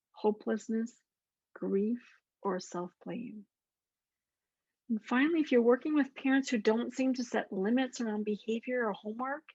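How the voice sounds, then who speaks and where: A woman explaining emotion coaching to teachers in an earnest, deliberate way, slowing down to repeat key lists. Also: a little high, a little mellow, no echo. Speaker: clinician presenting to teachers. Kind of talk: explanatory talk to camera. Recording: dull lo-fi dry voice recording.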